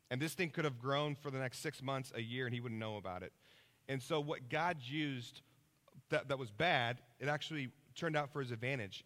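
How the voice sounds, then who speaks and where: A man preaching a sermon, telling lively stories and checking in with his listeners. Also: medium pitch, big-room sound. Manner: energetic storytelling, checks in with listeners.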